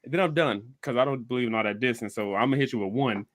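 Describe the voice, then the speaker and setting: A man's voice: mid-range voice, rapid-fire, dry recording. A young man co-hosting a casual podcast debate, blunt and dismissive.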